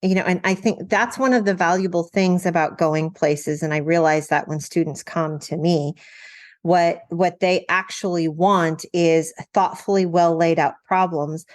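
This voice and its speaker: A woman's voice: on the low side, fairly even intonation, unhurried. A woman who trains detection dogs, hosting a casual podcast chat and thinking aloud in a reflective way. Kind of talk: casual conversational discussion.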